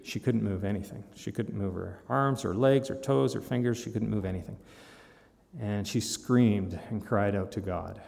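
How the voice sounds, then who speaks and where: A pastor speaks to his congregation in a low, gravelly voice. He prays, then retells a story in a loose, conversational way. His words ring out with a long reverb through the church hall. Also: moderate pace, darkish tone. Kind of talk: sermon with prayer and story.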